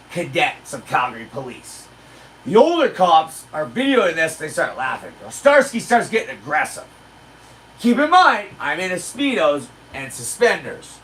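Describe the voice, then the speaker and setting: Man, crude boastful storyteller, fairly high voice, slightly distant mic. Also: a bit bright, slight background noise. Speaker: livestream host. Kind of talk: casual storytelling. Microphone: handled desk mic.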